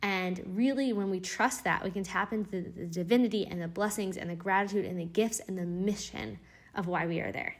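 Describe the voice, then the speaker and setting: Woman, young adult, Torah teacher, earnest, encouraging, repeats phrases, middle pitch. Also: fairly quick. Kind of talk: inspirational Torah class.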